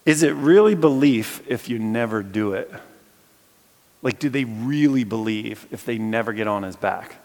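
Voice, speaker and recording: A man preaching a storytelling sermon to a live audience, talking in a casual way full of restarts and turning animated when the story gets exciting. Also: medium pitch, normal speed. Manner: animated, bursts of excitement when telling stories; conversational, with many fillers and restarts. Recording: long reverb from a large hall.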